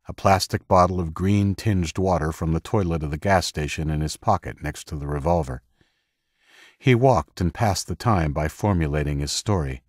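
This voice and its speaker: A man narrating an audiobook in a steady, measured way on a close microphone. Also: low voice, husky, no room sound. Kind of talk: scripted narration.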